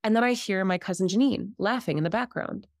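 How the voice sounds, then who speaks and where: A woman in her thirties, a Reiki healer, telling a personal story in a casual, animated way and acting out the voices of the people she quotes. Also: medium pitch, a little fast, no echo, studio quality. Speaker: podcast guest, Reiki healer.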